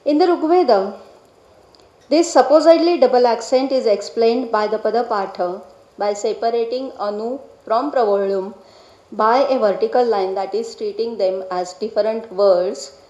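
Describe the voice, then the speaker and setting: A woman delivers a read academic lecture at a slightly raised pitch, her voice mellow and soft-edged. She speaks in a measured, deliberate way and takes care over each technical term. The sound is roomy, with the echo of a hall. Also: highs cut off. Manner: measured, deliberate delivery with careful pronunciation of Sanskrit terms. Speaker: scholar presenting a paper.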